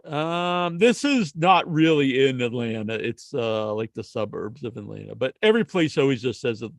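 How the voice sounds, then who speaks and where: A man's voice: mid-range voice, animated, normal speed, vocal fry, no room sound, studio quality. A man hosting a podcast in casual chat, rambling and laughing often. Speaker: podcast host.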